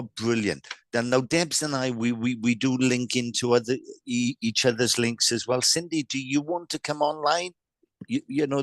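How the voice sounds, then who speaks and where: A man's voice: mid-range voice, fairly bright tone, no echo. A South Welsh man in his fifties, giving a live mediumship reading in a friendly, chatty way, often stammering and restarting his sentences. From South Wales.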